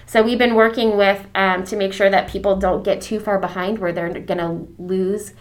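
A woman who leads a church's deacons, talking in a casual podcast conversation. She is effusive and warm-hearted about her subject, with many fillers and restarts. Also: mid-range voice, fairly even intonation, normal speed. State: getting emotional.

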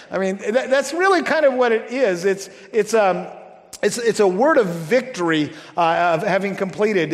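A man preaching a sermon as pastor in a church, talking conversationally with halting restarts and joking asides. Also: extremely high pitch, big-room sound.

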